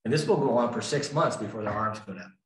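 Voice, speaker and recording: An older man gives a recovery talk in a low, grounded voice, driving his points home and repeating the lines he wants to stick. His words ring through an echoey meeting room. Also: quick pace. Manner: emphatic, repeats key lines for effect. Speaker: AA speaker.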